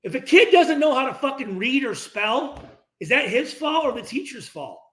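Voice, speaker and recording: Middle-aged man, an ex-player who hosts a post-game talk; profane, animated rant with a high, swinging voice. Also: normal speed. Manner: profane, animated, acts out dialogue. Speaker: former player hosting a post-game reaction. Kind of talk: casual unscripted rant. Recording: roomy echo.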